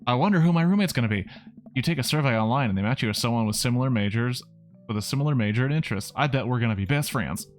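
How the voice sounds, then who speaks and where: A man's voice: medium pitch, lively intonation, rapid-fire, faint music behind, lightly acted. A man voicing a cheerful teenage girl in a dating game, with a bubbly, lightly teasing manner. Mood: excited. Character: cheerful teenage girl, college-bound daughter.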